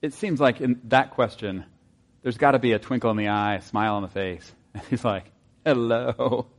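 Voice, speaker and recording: A man preaching a sermon in a conversational way, asking his listeners rhetorical questions and dropping into soft asides. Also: fairly low pitch, fairly quick. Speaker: pastor.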